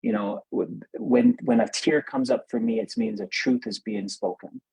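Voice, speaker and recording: Man, earnest heartfelt talker, raspy voice, dry recording. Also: mid-range voice, sing-song, mellow, no room sound, rough recording. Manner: earnest, heartfelt, halting restarts. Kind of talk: podcast conversation.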